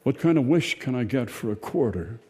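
A man's voice: medium pitch, expressive, a little fast, mellow, big-room sound, close to an everyday voice. A man voicing an earnest eight-year-old girl who asks simple, hopeful questions.

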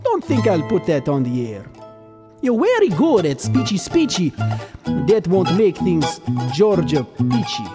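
A man's voice: sits high, huge pitch swings, measured pace, pitched above the performer's own voice, exaggerated voice. A man singing a comic satirical song in a put-on Russian accent, voicing Russia as a proud, touchy nation with mock-polite sarcasm. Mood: sardonic. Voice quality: sung in a put-on heavy accent. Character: Russia personified as a proud, touchy male singer. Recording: sung over guitar and mandolin.

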